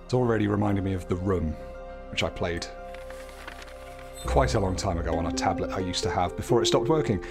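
A man's voice: low voice, fairly quick, creaky. A man hosting a casual let's play, chatting along and reading on-screen text aloud with light jokes. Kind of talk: casual gameplay commentary. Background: game music.

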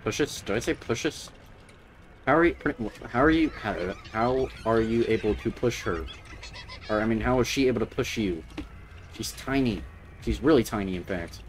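A young male gamer with a lowish, expressive voice talks at a normal speed over slight background noise. He gives jittery, chattering commentary while playing a horror game, talking to the game itself and letting out nervous chuckles.

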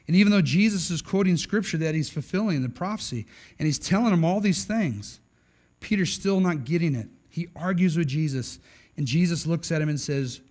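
Emphatic preaching man, slightly high voice. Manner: emphatic, conversational preaching with frequent "right?" asides. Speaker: pastor. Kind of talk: sermon.

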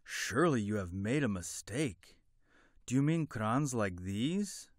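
A man's voice: medium pitch, animated, takes it slowly, dry recording, clean studio sound. Man doing a poor, honest, simple working man. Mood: earnest, dismayed. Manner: earnest, plain-spoken.

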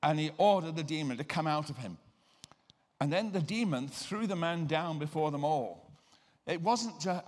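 Man, preacher, emphatic lecture, storytelling, slightly high voice, long hall reverb. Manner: emphatic, slowing down to stress key words. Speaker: guest lecturer and deliverance minister. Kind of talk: sermon-style lecture with personal stories.

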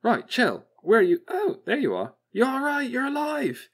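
Brief: man putting on a bumbling chatterbox robot guy, flippant and rambling, voice leaping up high, audiobook character voice. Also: huge pitch swings, moderate pace, a bit bright, slightly rough, heavily acted. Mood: manic chatter. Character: manic chattering male robot, bumbling and bitter.

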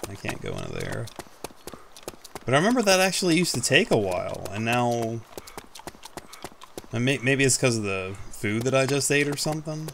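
A man talks through his own gameplay in a loose, rambling way, joking at his own expense and swearing offhand. His pitch sits in a middling range. A faint hiss of noise runs under the recording. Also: huge pitch swings, moderate pace, vocal fry, long pauses, fairly bright tone. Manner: rambling, self-mocking, swears casually. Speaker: gaming YouTuber. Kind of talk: casual gameplay commentary.

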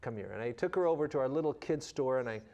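In a muffled recording, a middle-aged man who works as a children's missionary tells stories during an interview. He talks fast at a medium pitch and animatedly acts out the people he quotes.

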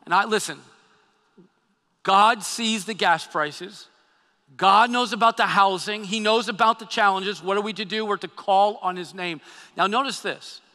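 A man preaching a sermon as pastor, animated and acting out quotes, often repeating his words. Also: high voice, a little slow. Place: church sanctuary. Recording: long hall reverb.

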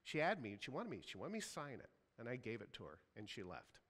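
A man's voice: medium pitch, huge pitch swings, quick pace, a bit bright, in a large hall. A man preaching a sermon as a pastor, telling a story and acting out the people in it. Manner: storytelling, acts out quoted voices. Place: church sanctuary.

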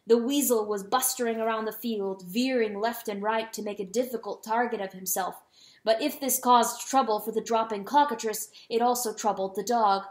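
A woman giving a dramatic reading of a storybook, slowing down on solemn words. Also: a little high, steady tone. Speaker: audiobook reader. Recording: roomy echo.

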